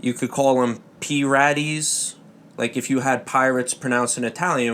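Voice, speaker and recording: A man hosting a podcast, rambling through a comedy monologue in a halting way, with jokey asides. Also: medium pitch, flat delivery, a bit bright. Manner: halting, full of fillers and restarts, jokey asides. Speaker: podcast host.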